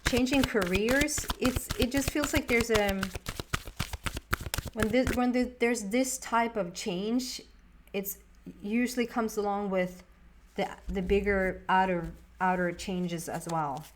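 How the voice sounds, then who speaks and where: A woman's voice: medium pitch, steady tone, slow, noisy background. A woman giving a casual, rambling tarot reading to camera, often restarting her words. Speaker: tarot reader.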